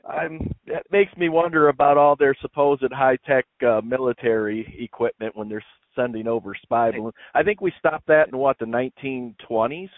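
A man's voice: medium pitch, steady tone, no echo. A man co-hosting a casual radio chat, laughing often and repeating himself as he talks. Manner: laughs often, halting and repetitive. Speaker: radio co-host. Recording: dry phone-line audio.

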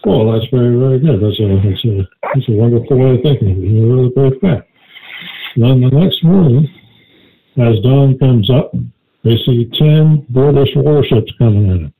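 A man co-hosting a call-in radio show, chatting casually and telling a rambling joke with many halting restarts. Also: mid-range voice. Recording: tinny phone-like line.

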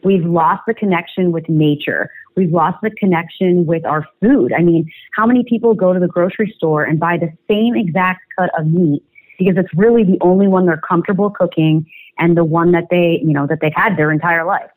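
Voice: medium pitch, fairly quick, no echo, narrow, tinny audio. Cohost making a point earnestly, repeats stuff, dry close mic. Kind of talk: casual podcast chat.

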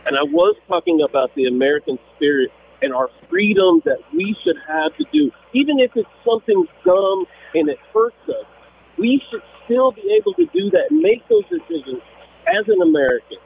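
A man's voice: sits high, huge pitch swings, normal speed, gravelly, darkish tone, slight background noise. A man calling in to a radio talk show, arguing with passion and often repeating his words. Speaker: caller. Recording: tinny dry phone line.

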